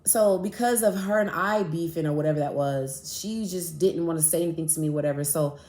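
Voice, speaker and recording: A woman hosting a podcast, telling a personal story in a blunt, profane, animated way. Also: low voice, fairly quick, echoey room. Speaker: podcast host. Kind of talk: casual storytelling.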